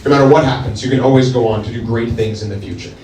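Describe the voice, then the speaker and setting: A male stand-up comedian with a hesitant, deadpan delivery full of pauses. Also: medium pitch, far from the mic. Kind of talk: stand-up set. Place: comedy club stage with laughing audience. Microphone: handheld stage mic. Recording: roomy club sound, audience laughter.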